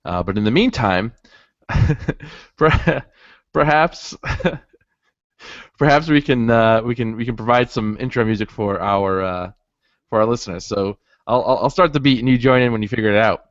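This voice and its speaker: Male podcast co-host, casual and halting, dry dull recording. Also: lowish voice, no echo. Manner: chatty, laughs easily, halting with many restarts. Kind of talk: casual chat. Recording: dull lo-fi audio.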